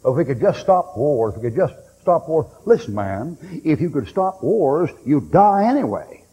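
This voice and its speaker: A man preaching a fiery sermon in a folksy, blunt and joking way, with sudden shouts. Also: on the high side, big pitch swings, moderate pace, slightly rough. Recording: dull old recording with long hall echo and faint hiss.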